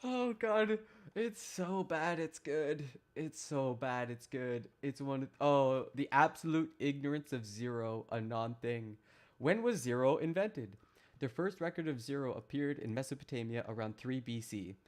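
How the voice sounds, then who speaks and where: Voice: mid-range voice, normal speed. A live streamer reading a document aloud to their chat, adding casual self-deprecating asides.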